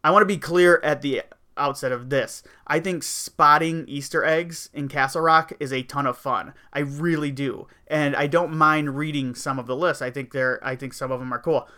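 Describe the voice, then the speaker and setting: Bright-voiced man ranting casually. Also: a little high, fairly even intonation, moderate pace. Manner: rambling, wry complaining with frequent fillers. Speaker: podcast host. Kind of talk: casual opinion chat.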